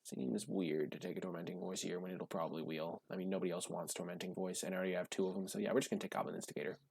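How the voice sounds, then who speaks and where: A man giving casual gameplay commentary while drafting cards, gushing and breaking into high excited shouts. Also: rapid-fire, vocal fry, husky, dry recording. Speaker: card game drafting streamer.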